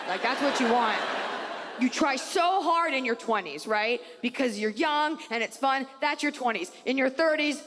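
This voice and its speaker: A woman's voice: on the high side, expressive, normal speed, fairly bright tone. A woman doing stand-up in a wry, conversational storytelling way. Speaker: stand-up comedian. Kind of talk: stand-up comedy. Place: large live comedy venue. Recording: hall reverb with crowd.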